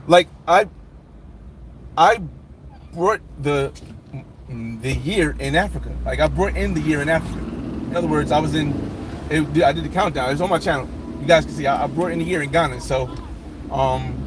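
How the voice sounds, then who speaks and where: A man's voice: fairly high pitch, noisy background. A man hosting a casual live chat, rambling with many restarts and fillers.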